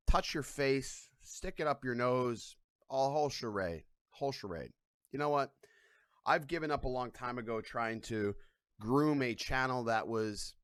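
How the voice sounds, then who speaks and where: A man's voice: medium pitch, a bit bright, no room sound, clean studio sound. A man hosting a casual live stream, rambling in a profane, irreverent way from his couch at home. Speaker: livestream host.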